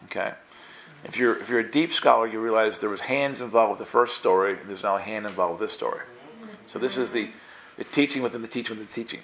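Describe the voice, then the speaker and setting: A man teaching the Bible in a loose, conversational way, with a voice of ordinary middle pitch for a man. He keeps it playful and slips into little character voices as he retells the scenes. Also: a bit bright, a little hiss or hum.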